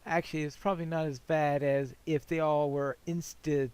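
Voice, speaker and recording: A man's voice: on the high side, little pitch movement, moderate pace, darkish tone, clear, resonant tone. A man giving casual let's-play commentary while he plays, musing aloud in a rambling, self-deprecating way. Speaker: gameplay commentator.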